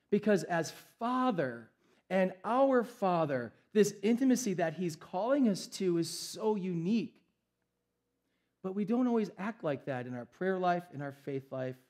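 A man's voice: on the high side, darkish tone. A young adult man, a pastor preaching a sermon in an emphatic, conversational way.

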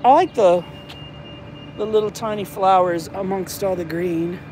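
A woman's voice: medium pitch, a little slow, mellow, slight background noise. A woman with a slight Southern drawl, chatting casually while filming a walking vlog outdoors. She rambles and breaks into mock-officious announcements. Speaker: vlogger filming outside a church building. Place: outdoors, walking around grounds.

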